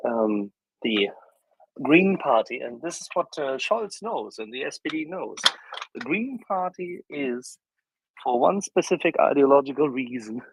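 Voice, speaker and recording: A man on an online panel explaining his points in a deliberate, measured way. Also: mid-range voice, husky, dry recording, rough recording. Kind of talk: casual panel discussion.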